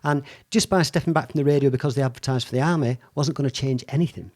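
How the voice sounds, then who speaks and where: A man's voice: medium pitch, quick pace, darkish tone. A man hosting a podcast interview, talking in rambling, restarting sentences in casual chat. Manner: rambling, restarts mid-phrase, laughs at himself. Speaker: podcast host.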